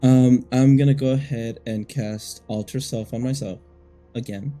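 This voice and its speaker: A man's voice: medium pitch, steady tone, a little slow, mellow, faint music behind. A man from Mexico playing a tabletop game, talking hesitantly with many restarts. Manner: hesitant, lots of fillers and restarts. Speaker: player. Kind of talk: casual tabletop game play.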